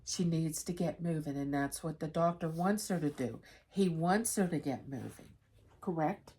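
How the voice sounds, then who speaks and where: A middle-aged woman with a slightly low voice talks candidly to her viewers in a relaxed, chatty way. She tells everyday stories frankly and directly, as if speaking to friends. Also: moderate pace, slightly rough. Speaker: vlogger. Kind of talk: casual chat to camera.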